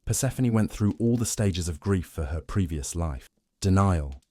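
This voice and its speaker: A man narrating a humorous bedtime sleep story in a wry, deadpan manner, addressing his subject as "you". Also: low voice, moderate pace, no room sound.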